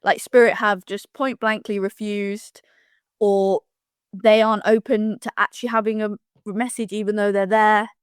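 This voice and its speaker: A woman interviewing a medium, asking questions in a soft, curious way. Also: mid-range voice, level tone, normal speed, clean tone, no room sound, studio quality. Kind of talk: casual interview.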